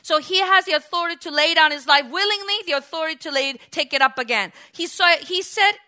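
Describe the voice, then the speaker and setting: Woman preacher, high bright voice, animated sermon, loud then hushed. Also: quick pace. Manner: animated, acts out quotes, swings from loud exclamations to quiet asides.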